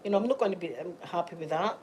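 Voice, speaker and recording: Speaking very fast in a fairly low, darkish voice, a Scottish woman vlogs from home while ill. She's chatty and rambling, laughs frequently, and there's slight background noise.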